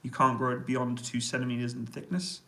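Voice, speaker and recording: A man with a noticeably gravelly, fry-tinged voice chats casually with his viewers during a live stream. He reads their comments aloud and answers in a relaxed, easygoing way, laughing often, from a small indoor room in army accommodation. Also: mid-range voice, fairly quick, poor audio. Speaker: YouTuber answering live chat.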